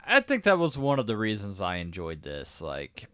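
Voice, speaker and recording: A man's voice: fairly low pitch, huge pitch swings, moderate pace, a bit bright, smooth, dry recording. A man co-hosting a podcast in casual chat, dropping wry, joking asides. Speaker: podcast co-host.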